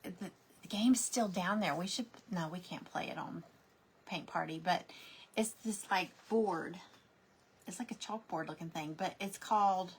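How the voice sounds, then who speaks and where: A woman's voice: fairly low pitch, a little slow, slightly rough. Chatty woman telling stories while crafting. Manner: rambling, chatty storytelling with fillers and restarts. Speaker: crafting vlogger. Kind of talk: casual chat while crafting.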